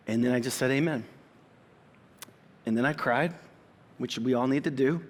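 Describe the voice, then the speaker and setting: A middle-aged man, a pastor, preaching an earnest and conversational sermon with dramatic pauses in a church sanctuary. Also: mid-range voice. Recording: long reverb of a large hall.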